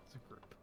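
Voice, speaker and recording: A man running a tabletop game as game master, halting and laughing as he narrates. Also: background noise. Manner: halting, full of fillers and laughs.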